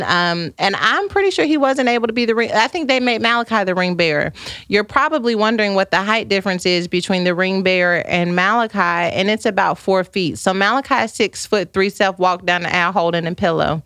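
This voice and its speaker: A woman's voice: mid-range voice, dry recording, studio quality. A middle-aged woman hosting a live stream, chatting casually and telling stories with frequent laughter. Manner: animated storytelling, frequent laughter. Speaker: live-stream host reading viewer comments. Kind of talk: casual chat.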